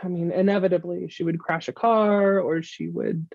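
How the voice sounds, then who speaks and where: Woman interview guest, candid and halting, warm relaxed tone, dry muffled lo-fi sound. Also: on the low side, no echo. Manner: candid, halting, with frequent restarts. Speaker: guest, mother of the subject. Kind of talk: personal interview, recounting events. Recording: muffled lo-fi recording.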